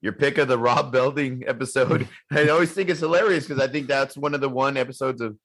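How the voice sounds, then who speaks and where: A man's voice: medium pitch, fairly quick, fairly bright tone. A man co-hosting a podcast, chatting casually with a rambling, joking manner and many repeated words. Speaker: podcast co-host. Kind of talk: casual chat.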